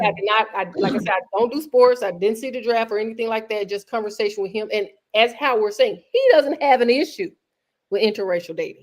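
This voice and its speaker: A woman hosting a podcast who talks in a relaxed, conversational way with many fillers. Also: fairly high pitch. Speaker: podcast host. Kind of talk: casual podcast chat.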